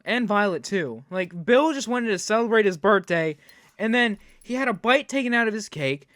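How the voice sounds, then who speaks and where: A host reacts to a video clip with indignant, profane rants. The voice sits at a middle pitch and is recorded dry and close, with no room sound around it. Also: a bit bright, no echo.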